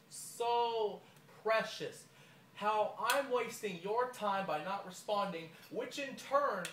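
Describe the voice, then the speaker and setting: Young guy w a cold trash talking, taunting and rambly, slightly high voice. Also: fairly bright tone, slight background noise. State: has a cold. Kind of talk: wrestling-style trash-talk promo.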